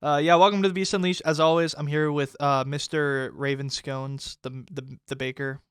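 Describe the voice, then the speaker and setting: A man's voice: fairly high pitch, flat delivery, normal speed, a bit bright, clean tone, dry recording, studio quality. A man in his twenties hosting a casual podcast chat, rambling and swearing heavily as he gets worked up. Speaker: podcast host.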